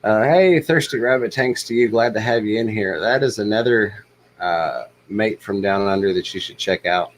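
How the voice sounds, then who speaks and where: Low-voiced man hosting a livestream. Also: moderate pace, a little hiss or hum, rough recording. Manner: relaxed, rambling, many ums. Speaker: livestream host. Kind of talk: casual livestream chat.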